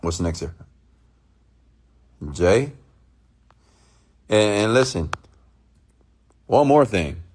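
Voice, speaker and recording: A man's voice: fairly low pitch, animated, very slow, long pauses, darkish tone. A man hosting a live stream, ranting bluntly and preachily at his viewers, often checking in with "okay?" and reading out their comments. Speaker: host.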